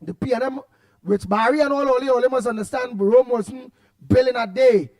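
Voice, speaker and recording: A Trinidadian man with an extremely high-pitched voice at normal speed hosts a radio talk show, reading out listener comments in loose, animated chat. He repeats himself, laughs often, and breaks into loud outbursts.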